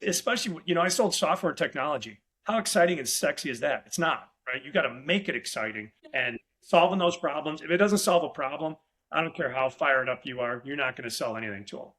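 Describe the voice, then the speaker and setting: A man hosting a casual sales podcast, excitable and energetic, talking about his own enthusiasm. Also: fairly high pitch, quick pace. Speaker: podcast host. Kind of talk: casual chat.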